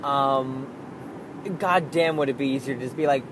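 A man's voice: medium pitch, fairly even intonation, normal speed, a bit bright, slight background noise, rough recording. A young man talking candidly about being a parent, swearing freely and acting out his own frustrated outbursts. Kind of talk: casual monologue.

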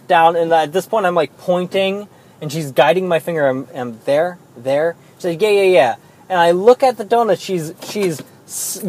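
A man's voice: sits high, a little mellow, poor audio. A man telling rambling, profane, exasperated stories in a casual monologue, talking in a car. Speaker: vlogger telling work stories.

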